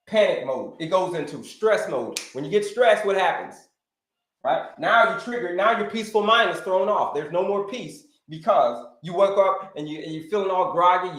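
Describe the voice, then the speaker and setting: High-voiced male health coach running a live stream, lively and repetitive, in a roomy, echoing space. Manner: animated, repeats phrases, addresses viewers as folks.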